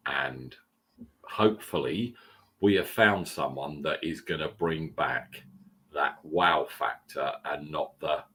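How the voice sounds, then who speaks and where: A man's voice: a bass voice, slow, pushed and bright, a little hiss or hum. A man hosting a casual sports podcast, blunt and joking, swearing freely. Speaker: podcast host.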